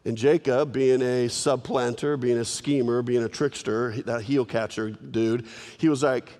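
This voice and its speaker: A male pastor preaching with animated, repeating emphasis as he retells a story. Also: medium pitch, a little slow. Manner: animated, repeats words for emphasis, acts out characters. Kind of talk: sermon storytelling. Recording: reverberant hall.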